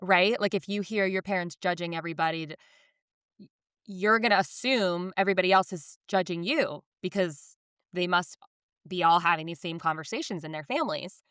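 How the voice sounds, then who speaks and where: A woman's voice: fairly low pitch, fairly quick, smooth, dry recording, clean studio sound. A woman in her thirties co-hosting a podcast, chatting casually and acting out voices when she tells stories. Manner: animated storyteller, acts out voices in quotes. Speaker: podcast co-host. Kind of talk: casual chat.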